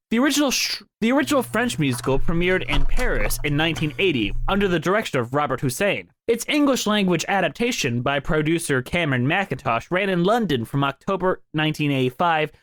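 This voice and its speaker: A playful male podcast host with a rather high voice that swings widely in pitch. He jokes and giggles between lines of a read summary, and the sound is close and dry. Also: a bit bright, no echo. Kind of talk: comedic casual chat and read summary.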